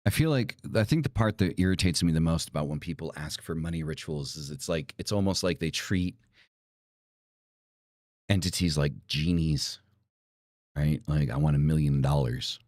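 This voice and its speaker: A man's voice: rumbling low, animated, moderate pace, pauses often, a little mellow, no echo, studio quality. A male podcast host in a casual monologue, ranting and swearing, with lots of "right?" and "like" fillers. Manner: profane, ranting, heated.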